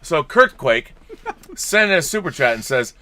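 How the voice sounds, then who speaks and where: A man's voice: a little high, big pitch swings, unhurried, pushed and bright, dry recording. A middle-aged man co-hosting a casual, tipsy live-stream chat, reading viewer messages with jokey, stumbling restarts. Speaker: podcast co-host reading super chats.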